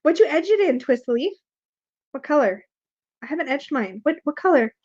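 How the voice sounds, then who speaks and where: Excitable woman stream host, high, gushing, dull lo-fi audio. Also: fairly quick. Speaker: tarot reader and live stream host. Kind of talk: casual live stream chat.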